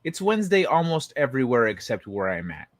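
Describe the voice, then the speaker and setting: A man's voice: medium pitch, sing-song, a little fast, dry recording. Laid-back man chatting on a dry stream. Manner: laid-back, swears freely, chuckles while reading chat. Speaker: livestream host. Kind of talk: casual late-night chat with viewers.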